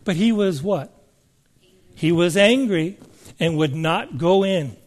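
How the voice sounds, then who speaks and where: A man's voice: sits high, slow pace. A man preaching a sermon, reading scripture aloud and asking the listeners emphatic questions.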